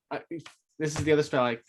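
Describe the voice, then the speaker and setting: A man playing a tabletop game, halting and hesitant, describing his character's moves. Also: fairly high pitch, a little hiss or hum. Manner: halting, hesitant, self-amused. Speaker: player. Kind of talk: casual tabletop play.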